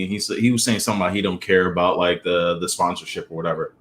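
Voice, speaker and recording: Man, casual podcast chat, halting, fast, mid pitch, faint background noise. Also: flat delivery. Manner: halting, searches for words.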